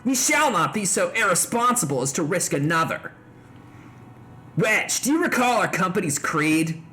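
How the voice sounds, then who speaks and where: Streamer man putting on a mellow surfer-dude engineer chief, drawling, lively ups and downs, for a game read-through. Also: high voice, moderate pace, voice pushed up, exaggerated voice. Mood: laid-back. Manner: mellow, says dude a lot. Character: laid-back surfer-dude engineer chief, male, middle-aged. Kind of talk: reading game dialogue aloud on a stream.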